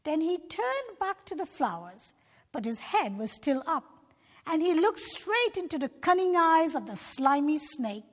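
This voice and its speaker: A woman's voice: very high voice, sing-song, measured pace. A woman narrating a Christian children's story expressively, talking directly to young listeners. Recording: long reverb.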